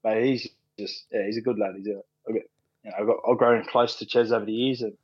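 An Australian rugby league player in his thirties, guesting on a podcast, tells stories in laid-back chat packed with fillers and plenty of swearing. His voice sits lowish and husky, steady in tone and fast. The recording is dull and dry with no room sound.

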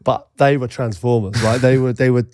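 A man's voice: medium pitch, steady tone, a little fast, a little mellow, dry recording, clean studio sound. A man in his thirties co-hosting a podcast, telling stories with enthusiasm and jokes. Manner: enthusiastic, jokey storytelling. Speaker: podcast co-host. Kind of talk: casual chat.

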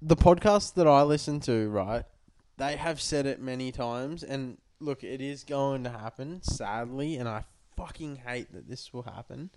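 A young man co-hosting a podcast, tipsy, loud and rambling, swearing a lot in casual banter. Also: mid-range voice, measured pace. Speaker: podcast co-host.

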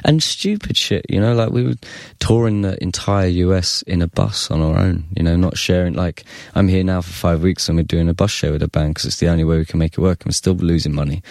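A man's voice: sits low, steady tone, a little fast, creaky, few pauses, darkish tone, no room sound, clean studio sound. A man, a musician telling stories in a casual interview, rambling, swearing and laughing. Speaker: musician guest.

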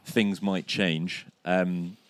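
A man co-hosting a casual cricket podcast outdoors, slightly hoarse from laryngitis, chatty and self-deprecating with many restarts. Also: low voice, steady tone, extremely slow, no room sound. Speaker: podcast co-host. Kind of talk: casual chat. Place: outdoors, sunny and breezy.

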